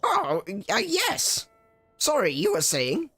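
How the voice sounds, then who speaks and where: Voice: sits high, huge pitch swings, slow pace, fairly bright tone, soft background music, pitched above the performer's own voice, exaggerated voice. A streamer voicing an eccentric older male inventor in a game, fussy and stammering, fretting over his young student. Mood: fussy, excitable.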